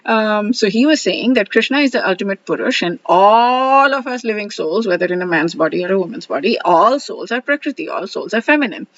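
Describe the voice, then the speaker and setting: A woman's voice: mid-range voice, animated, a little fast, hardly any pauses, dry recording. Casual woman host, verse commentary, chatty with fillers, dull lo-fi recording. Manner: chatty, reads quotes, frequent fillers and laughs. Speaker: scripture study host.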